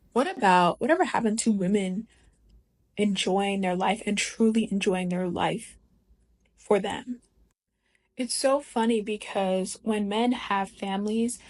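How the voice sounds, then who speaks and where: A woman's voice: medium pitch, a little mellow. A woman giving an opinion monologue, speaking in an emphatic, indignant way.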